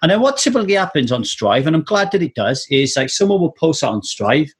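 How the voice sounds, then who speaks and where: Man, podcast host, candid, swears, slightly high voice. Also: sing-song, a little fast, breathy edge. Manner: candid, swears freely, storytelling. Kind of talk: casual interview chat.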